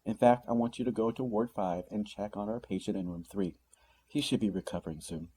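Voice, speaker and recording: A man voicing a brisk, commanding woman captain with a slight Greek accent in a storybook reading. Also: fairly low pitch, mellow, husky. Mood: brisk stern.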